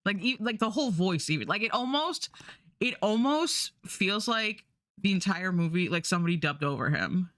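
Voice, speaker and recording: A woman's voice: mid-range voice, very animated, normal speed, a bit bright, dry recording, clean studio sound. A woman streamer chatting casually and rambling, with many fillers and restarts. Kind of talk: casual livestream chat.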